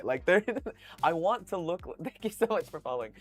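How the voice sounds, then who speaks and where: A man's voice: fairly high pitch, lively intonation, moderate pace, soft background music. A man streaming live, chatting casually and reading out viewer comments, swearing freely and laughing often.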